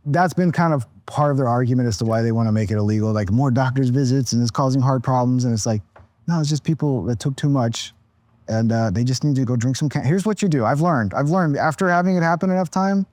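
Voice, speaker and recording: A man's voice: mid-range voice, fast, a little mellow, dry recording. Tired, rambling man in his thirties. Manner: rambling, profane, laid-back, full of restarts. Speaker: podcast guest, content creator. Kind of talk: casual podcast chat.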